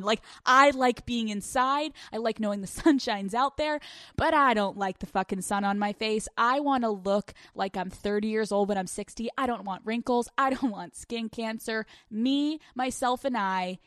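A woman hosting a podcast in casual chat, excitable and profane, jumping between loud outbursts and low mutters. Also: normal speed, no room sound, clean studio sound. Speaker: podcast host.

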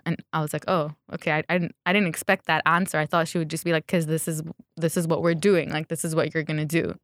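A woman's voice: sits low, little pitch movement, fast talker, no room sound, clean studio sound. A woman fashion designer chatting in an interview, laughing often and acting out what people said to her. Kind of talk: casual interview chat. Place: Dubai.

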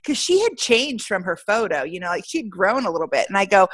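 A middle-aged woman being interviewed, telling a story in an animated way, laughing often and acting out what people said. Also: fairly high pitch, quick pace, few pauses, no room sound. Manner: animated, laughs often, acts out quoted voices. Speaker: guest.

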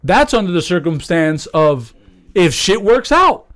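A man with a slightly high voice co-hosts a casual podcast. He tells a story with lots of energy and curses freely. He breaks into laughter as he goes. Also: a little slow. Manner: animated storyteller, profane, laughing often. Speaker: podcast co-host. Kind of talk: casual chat.

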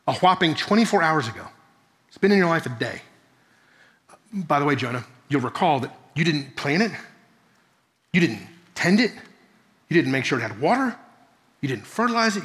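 The voice of God as a patient, pleading figure, a male preacher giving it, slightly raised in pitch and ringing through a hall with long reverb. He presses his case with repeated questions, turning from quiet coaxing to urgent appeal. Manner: pleading, repetitive, addresses listener by name. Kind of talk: sermon retelling in character.

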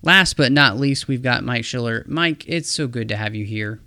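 A man's voice: mid-range voice, normal speed, bright, forceful tone, no room sound. A man hosting a casual podcast, welcoming guests, with frequent fillers and restarts. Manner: friendly, hesitant with restarts and fillers. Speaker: podcast host.

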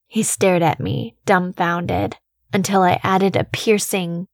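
Slow, dry-voiced woman narrating horror. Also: fairly low pitch, vocal fry, dry recording.

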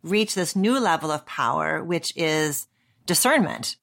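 A woman's voice: low-pitched, animated, a little slow, gravelly, fairly bright tone. A woman podcast host who interviews conversationally, affirming and inquisitive.

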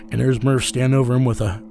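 A man's voice: mid-range voice, creaky, a little mellow. Guest, male, mid-range voice; blunt, profane storyteller. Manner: profane, blunt, chuckles while telling. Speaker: interview guest. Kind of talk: casual storytelling.

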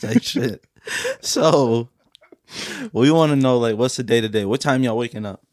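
A man's voice: mid-range voice, moderate pace, no echo. Young male co-host, mid voice, dry, teasing and slangy. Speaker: podcast co-host. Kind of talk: casual chat.

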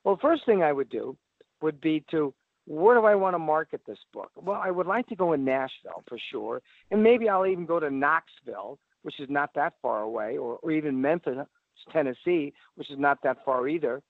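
A man giving rambling, animated advice as a radio guest on a phone line. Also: on the high side, moderate pace, dry recording. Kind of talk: casual advice talk. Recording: tinny phone line, dry.

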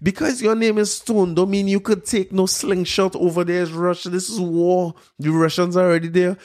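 A fairly high-voiced man, reading out a news story and ridiculing it line by line. His voice is incredulous and sarcastic, full of mocking questions. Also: flat delivery, moderate pace, a little mellow. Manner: incredulous, sarcastic, laughing at what he reads. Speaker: commentator reacting to a news article.

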